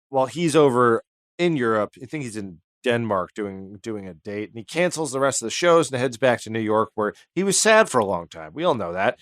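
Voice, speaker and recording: A man's voice: medium pitch, dry recording, studio quality. A man co-hosting a comedy history podcast, telling the story in a rambling, jokey way with asides. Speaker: podcast co-host.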